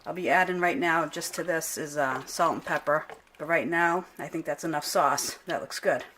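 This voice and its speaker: A middle-aged woman, a home cook vlogger, talks through a cooking demonstration in her home kitchen in a casual, unpolished way, often stopping to correct herself. Her voice is deep and moderately paced, and the recording is very noisy with clinking pots, pans and cutlery.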